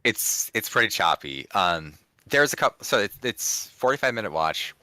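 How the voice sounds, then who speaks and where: A man's voice: lowish voice, very animated, moderate pace, sharp tone, no room sound, studio quality. A man hosting a wrestling podcast, rambling casually with lots of restarts and the odd swear. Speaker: podcast host. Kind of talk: casual chat.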